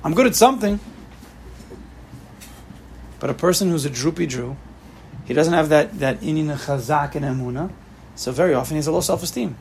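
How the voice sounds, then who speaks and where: A man's voice: on the high side, expressive, a little fast, creaky, long pauses, darkish tone, a little hiss or hum. A man giving an informal class to students, emphatic, repeating key phrases and mixing in Hebrew and Yiddish terms. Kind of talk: informal lecture with questions to students.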